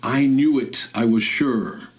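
A man reading the part of a haunted, guilt-ridden sailor telling his story in a shaky, halting way. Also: mid-range voice, natural voice. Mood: shaken.

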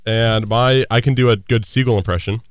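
A man's voice: medium pitch, steady tone, a little fast, no room sound. A young man from Colorado, a college student, joking and laughing often on a casual radio chat. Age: young adult. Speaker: co-host.

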